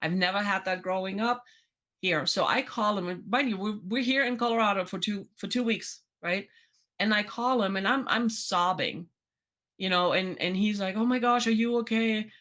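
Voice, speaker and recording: A woman's voice: mid-range voice, moderate pace, pushed and bright. A woman co-hosting a podcast, telling a personal story in casual chat with lots of restarts and quoted dialogue. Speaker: podcast co-host.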